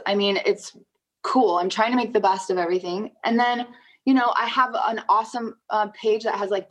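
An indignant woman in her thirties, appearing as an interview guest, talks casually and emphatically in a mid-range voice, swearing often and saying "like" a lot. The recording is rough.

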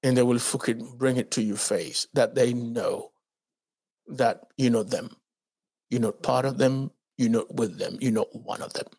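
A man's voice: mid-range voice, unhurried, gravelly, breathy edge. A man from the Dominican Republic co-hosting a podcast, telling a story casually, acting out quotes and swearing freely. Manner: animated storyteller acting out quotes in raised voices. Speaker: podcast co-host.

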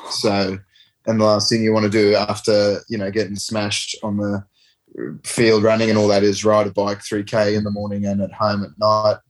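A man in his thirties, a rugby player, telling a rambling, laid-back story with casual swearing in an interview. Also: lowish voice. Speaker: professional rugby player guest.

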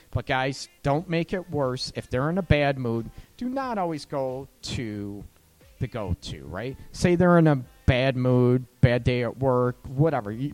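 A man with a medium-pitched, slightly mellow voice gives casual relationship advice. He chats loosely, keeps asking "right?", and laughs at the points he makes.

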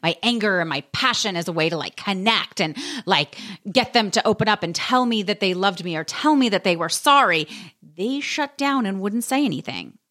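Low-voiced woman giving casual advice. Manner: animated, many "like" and "right?" fillers. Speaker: podcast host.

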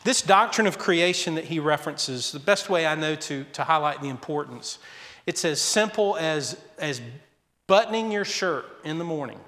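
A man's voice: a little high, lively intonation, moderate pace, pushed and bright, long reverb tail. A male pastor preaching a sermon, telling stories between points with a conversational, shifting pace.

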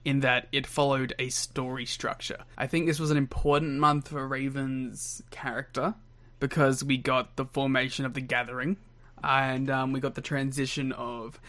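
A man's voice: medium pitch, little pitch movement, normal speed, pushed and bright. A man co-hosting a wrestling podcast, chatting casually in a playful, teasing way. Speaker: podcast co-host. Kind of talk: casual wrestling history chat.

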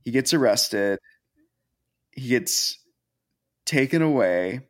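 A man's voice: medium pitch, lively intonation, slow. A man co-hosting a podcast, retelling a horror story in casual, sardonic, profane chat. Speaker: podcast co-host.

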